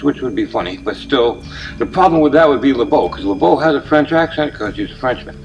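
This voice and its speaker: A man casually pitching a movie idea in a meandering monologue, with restarts and uneven loudness. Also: fairly quick, far from the mic, rough recording.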